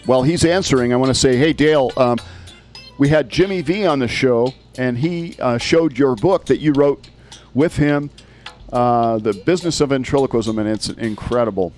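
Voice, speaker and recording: Male host, mid-range voice, casual banter and viewer shout-outs over light background music. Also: mid-range voice, moderate pace. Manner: friendly, playful banter, greeting viewers. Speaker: host of a livestream show. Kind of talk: casual livestream chat.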